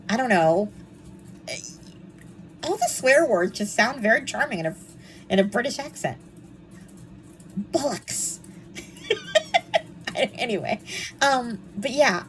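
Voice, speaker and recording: Animated, snarky young woman reviewing books. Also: mid-range voice, slight background noise, rough recording. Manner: animated, snarky and chatty, with frequent ums. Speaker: book reviewer. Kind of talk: casual book review vlog.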